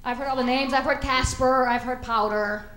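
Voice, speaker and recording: A woman doing a stand-up comedy set with an animated, punchy delivery. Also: high-pitched, normal speed. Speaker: stand-up comic. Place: comedy club stage. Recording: echoey comedy club.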